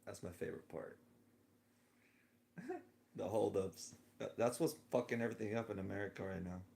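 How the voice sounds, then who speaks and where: A man's voice: fairly low pitch, fairly even intonation, normal speed, vocal fry, a little mellow, a little hiss or hum. A man vlogging a rambling personal monologue, musing and drifting between thoughts with frequent chuckles, lying in bed indoors.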